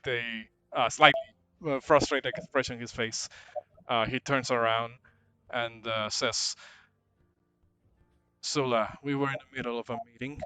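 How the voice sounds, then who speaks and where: A man's voice: mid-range voice, sharp tone, smooth. A man narrating a tabletop game as game master, rambling and hesitant with many restarts.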